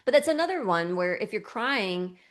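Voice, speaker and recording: A woman's voice: medium pitch, lively intonation, normal speed. A woman co-hosting a casual podcast as a somatic coach, talking with emphatic enthusiasm and frequent laughs.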